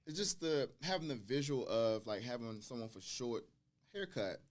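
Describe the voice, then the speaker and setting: A man in casual talk-show chat, speaking haltingly with many restarts. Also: mid-range voice, expressive. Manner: halting, restarts a lot, measured. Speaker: podcast co-host.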